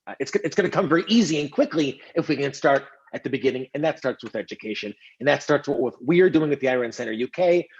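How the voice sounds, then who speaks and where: A man's voice: medium pitch, expressive, fast, few pauses, slightly rough, highs cut off. A man co-hosting a casual livestream, eager and agreeable, talking with fillers. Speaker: co-host.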